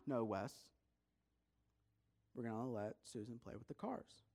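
A man voicing a mother who speaks calmly and firmly to her son. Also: a little slow, gravelly. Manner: low, quiet, firm. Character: calm, firm mother.

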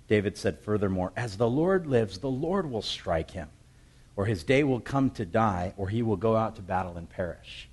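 A man delivers a sermon in a fairly low voice, telling the story in plain, lively talk. He jumps into the characters' voices, sometimes shouting their calls from a distance. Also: moderate pace. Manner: acts out scripture voices, shouting the calls across the hills. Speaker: preacher.

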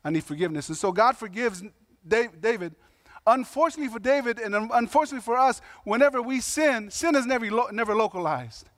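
There's no room echo in this dry, close recording of a pastor of Samoan heritage. His voice is high and his delivery brisk, a relaxed, conversational sermon blending emphatic points, slangy asides and acted-out quotes.

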